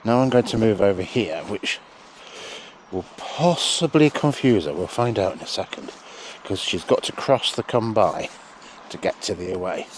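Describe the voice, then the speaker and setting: A man training a sheepdog out in a sheep field, calmly explaining each step and breaking off to call the dog in a high, loud voice. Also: moderate pace, slight background noise. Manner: relaxed explaining, broken by high shouted calls to the dog. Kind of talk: outdoor training demonstration with commentary.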